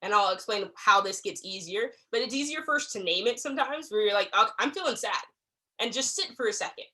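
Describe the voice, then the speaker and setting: Here a young woman trainer leads a workplace staff talk in a conversational style, frequently checking in with listeners and performing little quoted exchanges. She has a medium-pitched, bright, pushed voice with lively intonation and a slightly fast pace.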